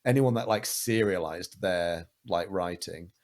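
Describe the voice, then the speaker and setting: A man's voice: deep voice, unhurried. A man co-hosting a comedy podcast, chatting casually and hesitantly with lots of restarts. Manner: hesitant, full of restarts and likes. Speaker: podcast co-host. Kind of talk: casual chat turning into comedy improv.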